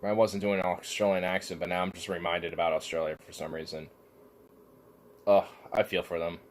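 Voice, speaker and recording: A man with a somewhat low voice rants casually, rambling from point to point. He swears freely and fills every pause with "like". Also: little pitch movement, a little hiss or hum. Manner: profane, rambling, heavy use of filler "like". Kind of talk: casual rant.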